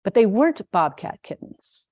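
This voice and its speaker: A woman, a Zen teacher, giving a dharma talk in an unhurried, gently amused storytelling manner. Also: medium pitch, very animated, dry recording, dull audio.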